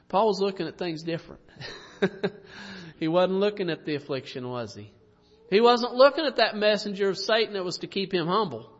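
A man preaching a sermon in a folksy way, asking the congregation tag questions and chuckling softly now and then. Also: high-pitched, unhurried. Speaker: pastor. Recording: dull sound with long reverb.

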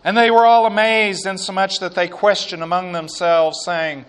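A man preaching a sermon and reading scripture aloud, slow and emphatic, with quiet asides. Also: high-pitched, level tone, clean tone.

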